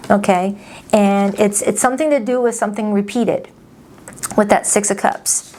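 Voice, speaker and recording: A woman's voice: medium pitch, a little mellow. Woman tarot reader, friendly and chatty, addressing viewers directly. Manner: chatty, upbeat, speaks straight to viewers. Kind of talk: casual tarot reading to camera.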